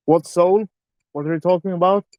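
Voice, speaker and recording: A man's voice: high voice, fairly even intonation, moderate pace, darkish tone, dry recording. A man on a live ghost-hunting stream, swearing nervously and questioning a spirit box in an old abandoned house. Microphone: handheld phone on a live stream.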